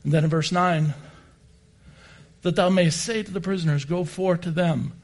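A man's voice: high voice, moderate pace. A man preaching a sermon and reading scripture passages aloud.

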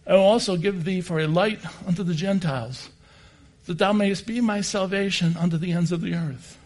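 A man's voice: sits high, normal speed, darkish tone. A man preaching a sermon and reading scripture passages aloud.

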